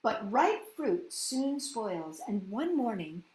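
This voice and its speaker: A woman hosting a children's story reading, gentle and sing-song, often asking her listeners questions. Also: fairly high pitch, very animated, takes it slowly, slight background noise. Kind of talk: children's storybook read-aloud. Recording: roomy echoey room.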